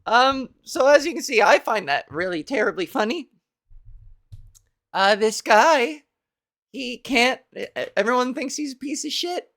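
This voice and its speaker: A woman's voice: fairly high pitch, lively intonation, measured pace, a bit bright. A woman comedian hosting her own podcast, rambling through a profane comic monologue.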